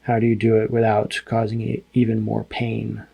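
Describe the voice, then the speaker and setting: Gravelly, halting American man recounting. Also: lowish voice, completely flat delivery, warm tone. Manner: halting, restarts often, sober and heavy. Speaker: podcast guest, former army intelligence analyst. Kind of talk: reflective interview recollection.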